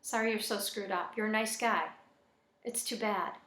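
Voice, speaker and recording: A woman voicing a caring teenage boy who speaks softly and hesitantly in a novel reading. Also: medium pitch, steady tone, moderate pace, close to an everyday voice. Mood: sorry. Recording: echoey room.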